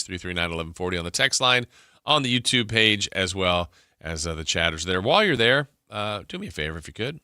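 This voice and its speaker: A sports radio host with a low, bright, forceful voice. He talks in a loose, rambling way and lets his sentences trail off. The sound is close and dry in a studio. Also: smooth, dry recording. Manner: rambling, laid-back, trailing off. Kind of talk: casual chat and show segue.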